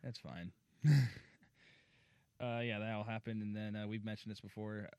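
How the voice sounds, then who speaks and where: A man's voice: on the low side, flat delivery, moderate pace, darkish tone, clear, resonant tone, dry recording. A man co-hosting a casual sports podcast, laid-back, laughing and swearing as he reads out news. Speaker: podcast co-host. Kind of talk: casual hockey news chat.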